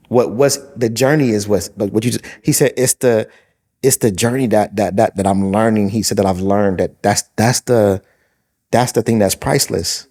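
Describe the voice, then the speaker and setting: A man's voice: fairly low pitch, steady tone, normal speed, warm tone. A man in his forties, a podcast co-host, telling a story in casual chat with many restarts and fillers.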